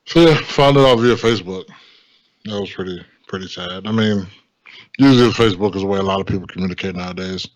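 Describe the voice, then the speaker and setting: A man on a podcast recalling something in halting casual chat with many fillers. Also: on the low side. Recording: dull, lo-fi audio.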